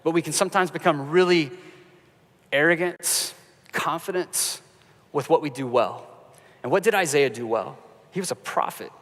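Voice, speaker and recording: A male pastor preaches in a relaxed, conversational way, weaving in stories with a humorous touch. His voice sits a bit higher than most men's. A long reverb from the church sanctuary trails after each phrase. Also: normal speed, pauses often. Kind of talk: sermon.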